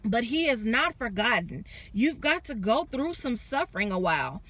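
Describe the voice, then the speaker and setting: Animated young woman preaching. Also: fairly high pitch, normal speed, slightly rough. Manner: animated storytelling, acts out quoted voices. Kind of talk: casual sermon.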